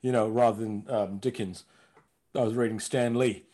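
A man's voice: on the low side, steady tone, moderate pace, dark tone. A man in his fifties from London, a comedian and impressionist, chatting in a rambling, self-mocking way. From London, England. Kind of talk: casual podcast chat.

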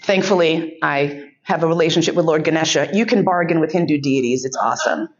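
A woman's voice: sits low, fairly quick, background noise. A woman giving a keynote speech, telling a personal story in a candid, wry manner. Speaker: keynote speaker and podcast host. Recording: dull lo-fi recording.

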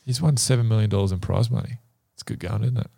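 A man's voice: fairly low pitch, fast talker, creaky, warm tone, breathy edge, dry recording, clean studio sound. A man hosting a casual podcast quiz, bantering and laughing with his guests. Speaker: quiz host.

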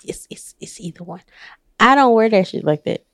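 Creaky-voiced woman with a country twang. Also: fairly high pitch, animated, moderate pace, no echo, studio quality. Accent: Southern US country twang. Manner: blunt, profane and laughing. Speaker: podcast co-host. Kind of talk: casual chat.

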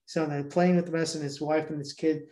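Brief: young male podcast host, fairly high voice, loose and profane, rambles through a movie plot. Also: little pitch movement, quick pace, warm tone. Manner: rambling, heavy swearing, laughs while telling. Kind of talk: casual chat, retelling a movie plot.

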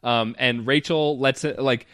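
A man's voice: medium pitch, no room sound. A young man co-hosting a podcast in casual chat, recapping a TV episode, agreeable and full of fillers. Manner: relaxed, agreeable, many fillers and quick yeses. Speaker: podcast co-host.

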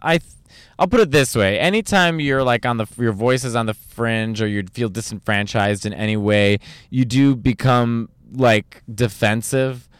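A man's voice: medium pitch, clean tone, dry recording. A man who is a stand-up comedian, chatting animatedly on a podcast with lots of restarts. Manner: animated, rapid, full of restarts and impressions. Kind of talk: casual podcast chat.

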